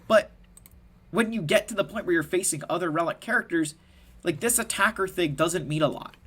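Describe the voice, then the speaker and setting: A man's voice: a little high, slightly rough. A man explaining a strategy game in a casual, passionate commentary, emphatic and often adding "right?" as he goes. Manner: animated, laughs at himself. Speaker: gaming content creator.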